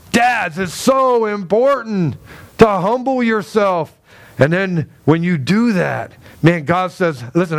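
A pastor preaching a sermon, swinging from hushed asides to loud urgent pleas, repeating phrases and acting out quoted voices. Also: male voice, sits high, no echo.

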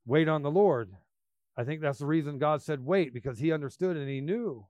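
Emphatic high-voiced male preacher. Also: normal speed, dry recording, clean studio sound. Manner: emphatic, shifts between loud bursts and quiet asides. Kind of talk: sermon.

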